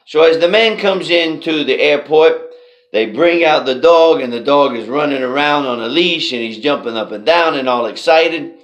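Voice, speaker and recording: A man giving a motivational talk as the show's host, telling a story slowly and deliberately and repeating his key phrases. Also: fairly high pitch, fairly bright tone. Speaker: motivational speaker.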